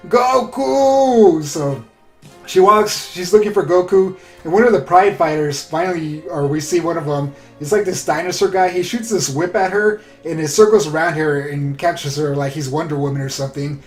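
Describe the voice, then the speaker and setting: A man casually recapping an anime episode in a rambling, excitable way, full of fillers. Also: fairly high pitch, fairly quick, hardly any pauses. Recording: roomy echo with faint music.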